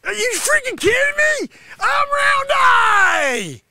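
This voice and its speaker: A man voicing a loud, boastful karate master who berates his class and hard-sells his secret move. The voice sits very high with a gravelly edge and bright, sharp tone, swinging wildly in pitch. It is recorded dry and close, like a comedy sketch monologue. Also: sing-song, moderate pace, heavily acted. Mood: indignant. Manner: brash, scolding, mocking, salesman patter. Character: boastful greedy male karate sensei, middle-aged, abrasive. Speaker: comedy show host. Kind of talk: improvised comedy character monologue.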